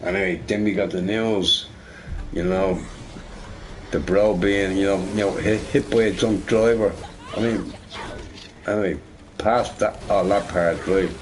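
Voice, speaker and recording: A man's voice: deep voice, fairly even intonation, measured pace, long pauses, slight background noise. Rambling, foul-mouthed man gaming. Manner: rambling, repeats himself, swears freely, lots of "you know, right?". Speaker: gamer recording gameplay. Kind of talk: casual storytelling over gameplay.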